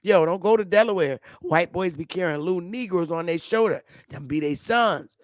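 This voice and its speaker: A woman's voice: lowish voice, normal speed, dry recording. A woman hosting a live stream, ranting in blunt, brash commentary. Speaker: livestream host.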